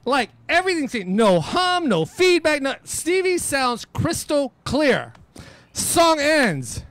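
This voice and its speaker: A middle-aged man, a radio DJ, telling a story in casual chat, animated and profane, acting out the people he quotes. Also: very high voice, slow pace, no room sound. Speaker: radio DJ guest.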